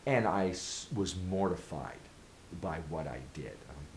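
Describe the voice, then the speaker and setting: Deep-voiced man pressing rhetorical questions. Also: expressive, measured pace, slight background noise, low-quality recording. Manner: earnest and emphatic, repeating rhetorical questions. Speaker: vlogger giving advice. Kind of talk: direct-to-camera advice monologue.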